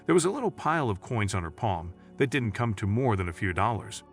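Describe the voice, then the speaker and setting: Low-voiced man narrating a story. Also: very animated, a little fast, soft background music.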